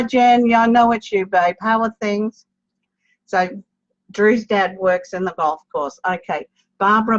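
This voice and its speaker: A woman gives a live psychic reading in a low, chatty voice, calling her viewers darling and babe. She breaks off mid-thought to greet newcomers by name. The stream audio sounds dull and lo-fi. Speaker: psychic medium.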